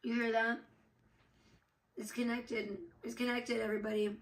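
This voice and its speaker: A woman's voice: on the high side, level tone, normal speed. Woman, livestream host, casual rambling chat, swears a lot, off camera. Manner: rambling, swears casually, trailing "I don't know". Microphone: off camera, not seen.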